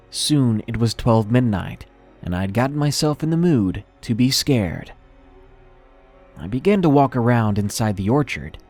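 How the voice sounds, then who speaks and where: A man reading a first-person horror story aloud in a slow, measured, ominous way. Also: fairly low pitch, darkish tone. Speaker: narrator. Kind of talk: scripted horror story narration. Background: faint background music.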